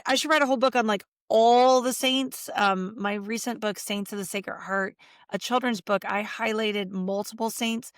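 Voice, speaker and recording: Her mid-range voice comes through studio-quality audio without room sound. A middle-aged Catholic speaker and author, she is a guest in a conversational interview, animatedly telling stories and performing the quotes within them.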